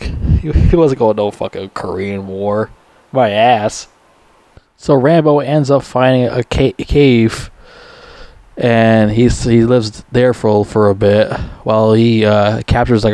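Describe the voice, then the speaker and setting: A man rambles through a film's plot in a loose, profane, casual way, cursing freely and laughing at his own jokes. His voice sits at an ordinary middle pitch. The sound is dry and close, with no room echo. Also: dark tone. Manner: mimics characters in high squeaky voices. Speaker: movie reviewer. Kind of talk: casual rambling movie recap.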